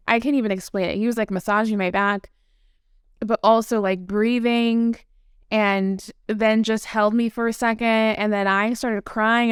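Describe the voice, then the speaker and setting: Chatty higher-voiced woman storytelling. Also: clear, resonant tone, no room sound, clean studio sound. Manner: chatty, lots of likes and quoted dialogue. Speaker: podcast guest. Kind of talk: casual storytelling conversation.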